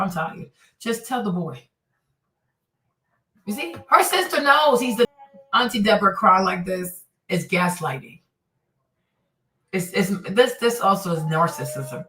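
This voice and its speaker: A woman's voice: mid-range voice, fairly bright tone. A woman hosting casual reaction commentary. She talks straight to her viewers and acts out what the people she discusses say. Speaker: commentary host. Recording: roomy and slightly distant.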